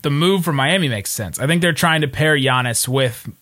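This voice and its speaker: A man hosting a casual sports podcast, joking and relaxed as he chats with his co-host. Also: on the high side. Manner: joking, relaxed, quick asides.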